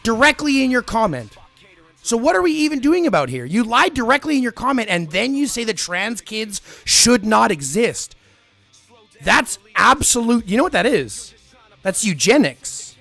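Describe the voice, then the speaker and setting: A man's voice: extremely high pitch, sing-song, moderate pace, vocal fry, bright, forceful tone, no echo, faint music behind. A man live-streaming who answers viewer comments in a blunt, profane, argumentative way.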